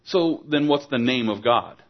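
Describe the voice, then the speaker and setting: A man's voice: medium pitch, animated, measured pace. A man preaching a sermon, earnest and exhorting, asking his listeners pointed rhetorical questions. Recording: dull lo-fi recording.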